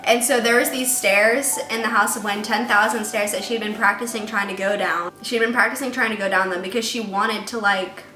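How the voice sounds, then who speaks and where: A woman's voice: mid-range voice, fairly even intonation, a little fast, hardly any pauses, bright, forceful tone, recorded from a distance. A woman giving a casual, ranting book review, chatty and worked-up, with lots of "like"s. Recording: echoey room with music behind.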